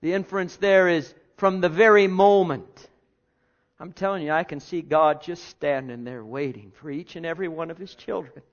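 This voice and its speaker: A man preaching a sermon, reading scripture and then talking with big swings from loud declarations to hushed, almost whispered lines. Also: fairly high pitch, moderate pace. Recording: dull lo-fi sound.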